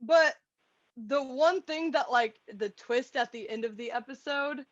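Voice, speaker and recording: A woman's voice: high-pitched, unhurried, fairly bright tone, no echo. A woman co-hosting a podcast, recapping in casual chat with frequent swearing and laughter. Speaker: podcast co-host. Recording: dull lo-fi podcast audio.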